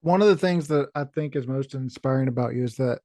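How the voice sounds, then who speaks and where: A male podcast host asks supportive, searching questions. His voice is mellow and gravelly, with some fry. The sound is dry, with no room echo. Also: medium pitch, fairly quick. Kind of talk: interview questions.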